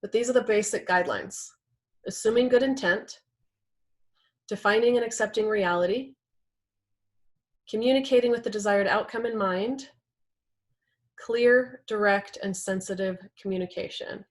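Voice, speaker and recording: A woman's voice: mid-range voice, normal speed, pauses often. Chatty woman teaching a class. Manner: conversational, uses "right?" and "like" often. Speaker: workshop instructor.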